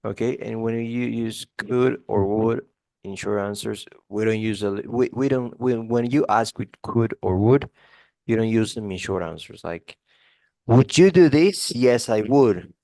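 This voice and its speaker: A man's voice: on the low side, steady tone, measured pace, gravelly, darkish tone, no room sound. A man teaching English one to one, explaining grammar casually with many fillers and spoken examples.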